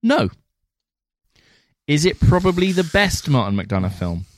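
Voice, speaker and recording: A man's voice: a little high, big pitch swings, unhurried. A man co-hosting a casual film podcast, teasing his partner with laughs and sweary reactions. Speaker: podcast co-host. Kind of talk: casual film review chat.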